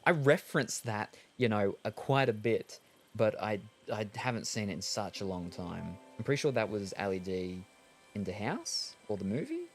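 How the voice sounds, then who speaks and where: A man's voice: fairly low pitch, very animated, moderate pace, faint music behind. An Australian man chatting casually while streaming a game, rambling and hesitant with lots of ums and uhs. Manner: rambling, hesitant, many fillers. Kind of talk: casual chat while gaming.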